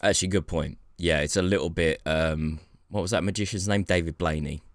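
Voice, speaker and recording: Deep-voiced man, wry podcast host. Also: fairly even intonation, a little fast, no echo, clean studio sound. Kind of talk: casual comedic chat.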